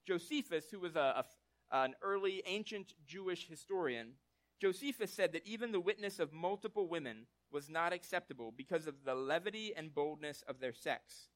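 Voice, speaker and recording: A man's voice: fairly high pitch, moderate pace. A man preaching a sermon in a casual, conversational way, often checking in with listeners and acting out short quotes as he tells the story. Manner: conversational, tag questions like "right?"; animated storytelling with acted quotes. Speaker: pastor.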